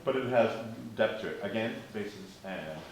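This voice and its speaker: A man's voice: lowish voice, animated, normal speed, darkish tone. A man coaching a men's choir in rehearsal, encouraging the singers and demonstrating phrases by singing them. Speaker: vocal coach. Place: large rehearsal hall. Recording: echoey rehearsal hall, faint noise.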